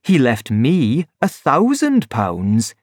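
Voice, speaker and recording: A man voicing an earnest, eager country doctor in a storybook reading, bright and reassuring. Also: mid-range voice, wildly swooping pitch, slow, dry recording, clean studio sound, heavily acted.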